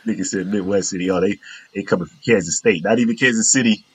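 A man telling profane, animated stories in a casual chat. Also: lowish voice, fast talker, husky, rough recording.

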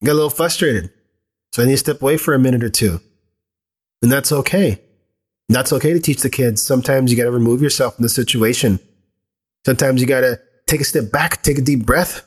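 A man's voice: medium pitch, breathy edge. Earnest father talking candidly. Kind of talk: reflective personal talk.

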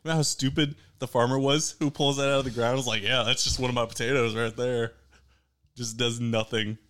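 A man with a bright, clear voice at an ordinary pitch, bantering in a casual comedy chat. He spins his jokes out slowly and deadpan, keeping a straight face in his voice. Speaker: co-host.

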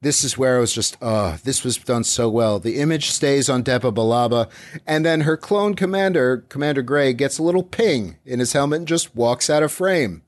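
A man's voice: mid-range voice, moderate pace. A man hosting a podcast, recapping an episode in casual chat and dropping into silly voices. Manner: playful, slips into silly voices while retelling scenes.

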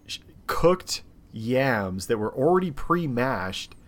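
A man co-hosting a podcast, telling a story in casual, animated, exasperated bursts full of swearing. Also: mid-range voice, slow. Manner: animated, profane, exasperated retelling. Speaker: podcast co-host. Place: seated in a podcast studio chair.

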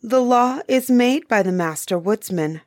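A woman's voice: on the high side, animated, a little slow, darkish tone, dry recording, studio quality, pitched above the performer's own voice. A woman voicing a bold, defiant young female nymph in a storybook reading. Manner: pleading, defiant.

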